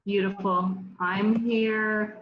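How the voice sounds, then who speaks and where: Slow woman calling roll on a roomy call. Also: medium pitch, level tone. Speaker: board secretary calling roll. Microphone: video call. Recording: roomy, muffled call with faint noise.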